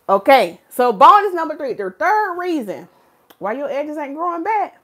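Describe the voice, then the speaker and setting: A woman with a fairly high voice hosts a casual live stream about hair care. She greets viewers from the chat by name and turns animated and preachy when she makes her points. It sounds like she is talking into a phone or webcam. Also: moderate pace. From North Carolina, USA.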